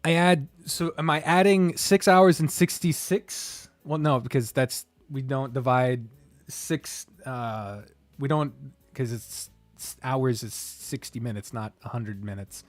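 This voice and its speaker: A woman's voice: rumbling low, fairly even intonation, a little slow, dry recording, soft background music. A woman streamer and game master in casual livestream chat, giddy and laughing often, swearing and stumbling as she works through math aloud.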